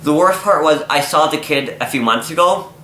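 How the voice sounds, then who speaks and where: A young man telling a story in a casual vlog, animated and exasperated, acting out what people said. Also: a little high, normal speed. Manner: animated, exasperated, acts out quotes. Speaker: vlogger. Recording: echoey room, faint noise.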